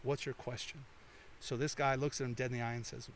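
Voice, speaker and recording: Speaking fairly quickly in a level, mid-range voice, a man spins long, profane anecdotes as a podcast guest and slips into quoted voices. The casual storytelling is captured through headphones and a studio mic, with slight background noise.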